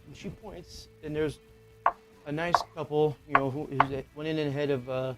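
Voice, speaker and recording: A middle-aged man tells a personal ghost story in a loose, rambling way. His voice sits a bit high for a man, and he swears freely and fills the gaps with ums and you-knows. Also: little pitch movement, moderate pace, loud music behind the voice. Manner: rambling, profane, with filler words. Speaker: podcast co-host. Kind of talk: casual storytelling chat.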